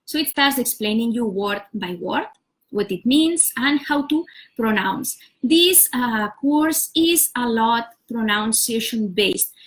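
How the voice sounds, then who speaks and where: A woman with a slightly high voice walks through a topic in a relaxed livestream lesson. She explains patiently, step by step. She often pauses on "uh" and "so" before going on. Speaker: language teacher. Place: home setup for a live stream.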